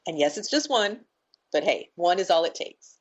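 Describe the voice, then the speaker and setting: A woman with a lowish voice tells a story as a podcast guest, chatty and full of feeling, often slipping into what people said. The sound is a little dull and lo-fi. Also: moderate pace, breathy edge. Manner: emotional, animated storyteller who acts out quoted talk. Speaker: podcast guest, nonprofit founder. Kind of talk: casual interview storytelling.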